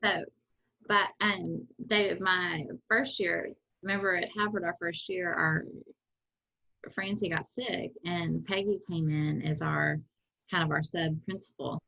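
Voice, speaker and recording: Her voice is fairly low, steady and creaky with a sharp edge, and she speaks at a measured pace. This middle-aged podcast co-host rambles through casual stories packed with asides, on a dull, slightly muffled recording.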